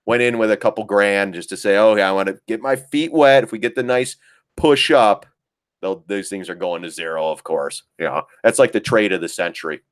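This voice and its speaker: A man's voice: on the low side, a little fast, dry recording, clean studio sound. A middle-aged man hosting a casual trading live stream, rambling and joking, swearing casually and laughing often. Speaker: live-stream market host.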